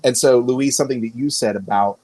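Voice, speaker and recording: A man's voice: medium pitch, a little fast, a little mellow, no echo, low-quality recording. A man talking as a podcast guest, telling stories in a rambling way and often restarting his sentences. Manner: rambling, self-correcting storyteller. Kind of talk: casual conversation.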